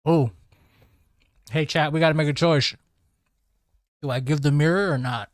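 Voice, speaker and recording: A man's voice: fairly high pitch, normal speed, no room sound. Rambling, slangy young male streamer. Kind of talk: casual let's-play commentary.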